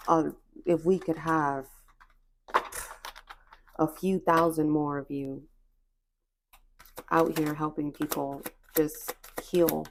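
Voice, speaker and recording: A woman's voice: deep voice, noisy background. A woman giving a spiritual oracle card reading to her viewers, reassuring and encouraging in a casual, slangy way, often repeating phrases.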